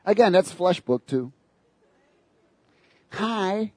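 A man preaching a sermon, lively and sarcastic, laughing between his points. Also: high-pitched, very slow, no echo.

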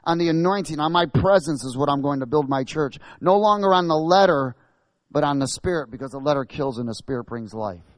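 A man preaching a sermon, asking the congregation questions and building to loud, emphatic bursts. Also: on the high side, expressive, fairly quick, dry recording.

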